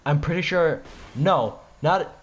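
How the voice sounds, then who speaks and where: A man's voice: on the high side, slow pace, breathy edge. A teenage boy telling a story from school in a casual vlog, rambling and joking, often stopping to correct himself. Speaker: student vlogger.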